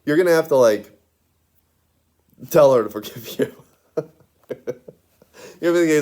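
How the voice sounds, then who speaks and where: A man's voice: a little high, animated, moderate pace, long pauses, darkish tone. Giggly rambling man. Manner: giggly, rambling, constant filler "like"; rambling, with lots of restarts. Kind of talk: casual rambling monologue.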